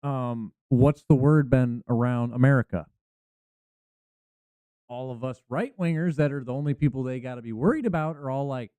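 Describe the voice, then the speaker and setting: A man hosting a podcast in casual chat, halting and restarting, acting out quoted lines. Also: mid-range voice, dark tone, smooth, dry recording. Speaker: podcast host.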